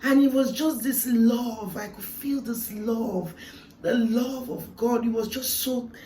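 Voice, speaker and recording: A woman's voice: on the high side, a little hiss or hum. Earnest woman telling her story from afar. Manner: earnest and reflective, with emotional swells and hushed moments. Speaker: vlogger sharing a personal testimony. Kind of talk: heartfelt personal storytelling. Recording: roomy, echoey sound from a distant mic.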